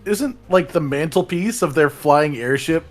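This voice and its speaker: A man co-hosting a gameplay video in casual banter, dry and sarcastic with deadpan quips. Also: a little high, measured pace. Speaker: gaming co-host.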